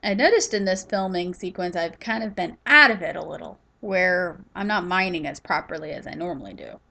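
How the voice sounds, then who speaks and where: A woman's voice: fairly low pitch, expressive, fairly quick, gravelly, bright, forceful tone. A woman giving casual, rambling gameplay commentary while tired and yawning, chatting to herself as she plays. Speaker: gaming YouTuber.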